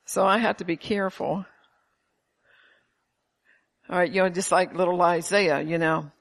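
Speaking a little slowly in a lowish voice with fairly even intonation, an older woman delivers an informal sermon to a small flock. Her storytelling is emphatic, punctuated by frequent chuckles.

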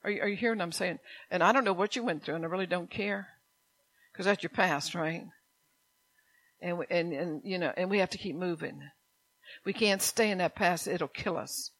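A woman's voice: lowish voice, normal speed, a bit bright, dry recording. An older woman preaching a sermon in a conversational way, with rambling asides and impassioned prayers she voices aloud.

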